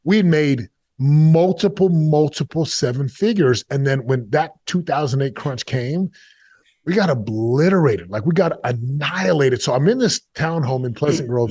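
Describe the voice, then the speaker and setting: A man's voice: medium pitch, a little mellow, breathy edge, no room sound. Middle-aged male guest, confessional storyteller, repeats himself in bursts, dry close mic. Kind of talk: emotional storytelling interview.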